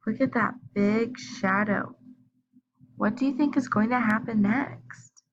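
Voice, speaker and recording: A woman reading a picture book aloud to young children, slow and expressive, pausing to ask them questions. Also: fairly high pitch, dull audio. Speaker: storybook reader. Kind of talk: children's read-aloud storytime.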